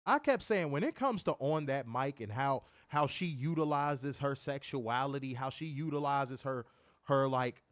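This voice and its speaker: A man's voice: medium pitch, normal speed, no echo, studio quality. A man co-hosting a wrestling review show in loose, profane casual chat, laughing often as he tells stories. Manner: loud, profane storyteller who laughs often.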